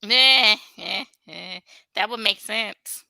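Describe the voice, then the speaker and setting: Gravelly, very bright woman co-host. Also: medium pitch, takes it slowly, no echo. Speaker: podcast co-host. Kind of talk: casual chat.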